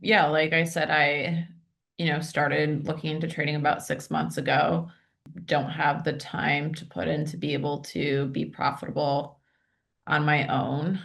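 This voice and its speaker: A woman doing a sales prospect, matter-of-fact, gravelly voice. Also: low voice, level tone, measured pace, fairly bright tone, heavily acted. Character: woman prospect who lost money trading. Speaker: role-played prospect.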